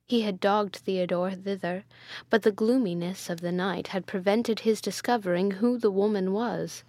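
Woman reading an old gothic novel out loud, measured and dramatic, dry close sound. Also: mid-range voice, steady tone, dry recording.

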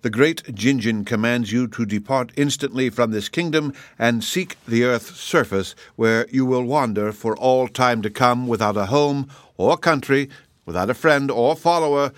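A calm, stern dragon, read by a male narrator, speaking quietly and slowly with cold control. The voice sits in a middle range and sounds dry and close. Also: medium pitch, no echo, natural voice.

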